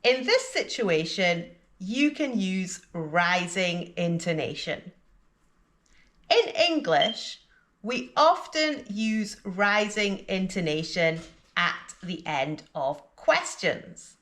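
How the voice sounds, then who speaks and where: Woman teaching english really slowly, lots of up and down in her voice. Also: mid-range voice, lively intonation, a bit bright. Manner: slow and deliberate, with exaggerated intonation in examples. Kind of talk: slow scripted lesson narration.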